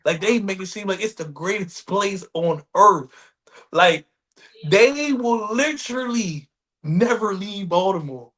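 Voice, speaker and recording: A man from Maryland co-hosting a podcast in casual chat, animated and profane, repeating himself as he goes. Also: sits high, unhurried. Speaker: podcast co-host.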